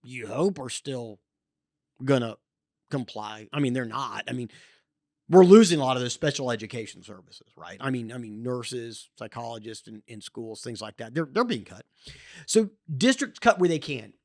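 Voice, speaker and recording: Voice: mid-range voice, expressive, moderate pace, a little mellow. A podcast host in an opinionated monologue, getting worked up and often restarting and repeating words.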